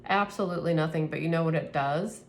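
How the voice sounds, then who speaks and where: A woman reads tarot for her viewers in a low voice, earnest and easily moved, laughing now and then. She rambles and restarts her sentences. A faint hiss of noise sits behind her. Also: fast. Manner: earnest, emotional, laughs often. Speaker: tarot reader. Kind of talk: spiritual tarot reading to camera.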